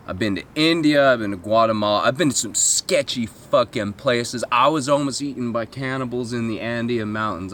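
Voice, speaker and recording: A man's voice: fairly low pitch, a bit bright, a little hiss or hum. Rambling, swearing male travel vlogger. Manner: swearing, self-mocking, with mimicked voices and asides. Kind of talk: rambling comic storytelling.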